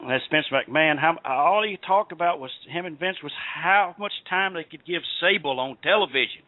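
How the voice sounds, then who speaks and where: A man's voice: on the high side, moderate pace, no echo. Southern guy hosting a radio show, rambly, lots of uhs, dry tinny line. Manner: rambling, storytelling with many fillers. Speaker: podcast host. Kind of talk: casual radio chat.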